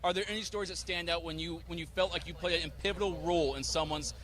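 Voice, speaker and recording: A man's voice: a little high, fairly even intonation, quick pace, fairly bright tone. A man interviewing a guest, prompting with questions and brief encouraging replies.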